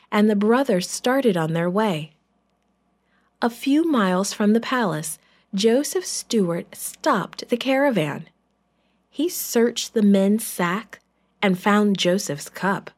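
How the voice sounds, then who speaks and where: A woman narrating a Bible story in a measured, clear scripted reading. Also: medium pitch, a little mellow.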